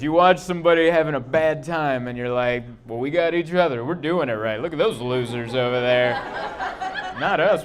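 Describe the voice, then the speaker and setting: A man in his thirties performing a stand-up comedy set, telling stories deadpan and acting out the quotes with sudden loud bursts. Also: fairly high pitch. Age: 30s. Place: comedy club stage. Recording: live club recording with audible background noise.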